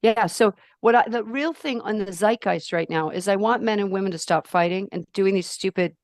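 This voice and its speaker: A woman guesting on a podcast, talking in an emphatic, outspoken, animated way with big swings in pitch. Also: moderate pace, no room sound, studio quality. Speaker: podcast guest, life purpose coach. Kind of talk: casual podcast conversation.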